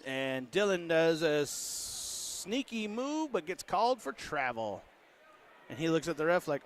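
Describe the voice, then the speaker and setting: A man giving casual play-by-play of a high school basketball game, joking and voicing what the players might be saying. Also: big pitch swings, a little slow, a little hiss or hum. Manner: joking, voices the players' imagined words. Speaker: play-by-play announcer. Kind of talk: casual sports commentary.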